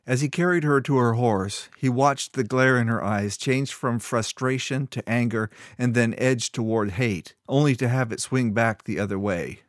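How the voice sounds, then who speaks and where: A man narrating a fantasy story in a steady storytelling read. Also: medium pitch, moderate pace, hardly any pauses, dry recording, clean studio sound. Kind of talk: scripted narration.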